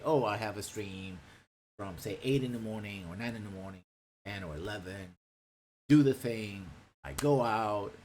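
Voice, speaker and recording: A man from Puerto Rico talks casually on his live stream, rambling from thought to thought and swearing freely. His voice swings up and down in pitch. A faint noise sits under the recording. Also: darkish tone, low-quality recording. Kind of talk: casual chat.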